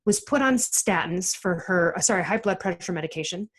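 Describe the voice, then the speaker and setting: A middle-aged woman, a guest author on a podcast, telling her story in an animated, emphatic way with many restarts. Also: on the low side, fairly quick, poor audio. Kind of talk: casual interview chat.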